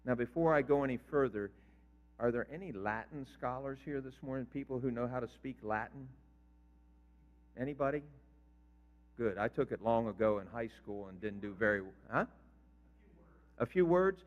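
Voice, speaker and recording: A man's voice: medium pitch, normal speed, pauses often. Older pastor guy preaching, asks the crowd questions, echoey hall, kinda dull audio. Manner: conversational, quizzes the congregation. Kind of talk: sermon. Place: church sanctuary. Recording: reverberant hall, dull lo-fi sound.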